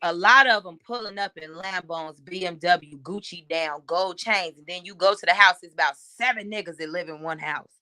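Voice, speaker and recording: A woman, a podcast guest, chatting casually and telling animated stories, laughing often and doing voices. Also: fairly low pitch, moderate pace, hardly any pauses, dry recording, studio quality. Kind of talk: casual chat, storytelling.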